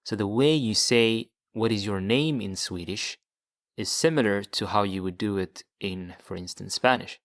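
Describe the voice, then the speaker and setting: A man's voice: fairly low pitch, moderate pace. A man teaching a language lesson, patiently explaining and repeating words for learners. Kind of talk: slow explanatory video lesson.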